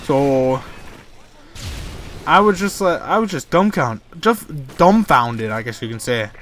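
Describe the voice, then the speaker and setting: A man's voice: mid-range voice, animated, slow pace, a bit bright. A young man from Canada, telling a rambling, exasperated story over gameplay commentary. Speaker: gaming YouTuber.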